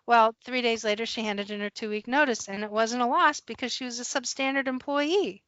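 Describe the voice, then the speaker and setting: A middle-aged woman hosting a podcast as an HR professional, telling a workplace story in casual chat, animated and laughing often. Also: fairly high pitch, fairly quick. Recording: dull, dry, slightly lo-fi podcast audio.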